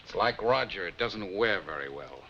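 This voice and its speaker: A man's voice: low voice, lively intonation, moderate pace, vocal fry, pushed and bright, a little hiss or hum, exaggerated voice. A man playing a dry, sardonic husband who works in real estate, in a 1950s TV drama. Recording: dull lo-fi 1950s TV soundtrack.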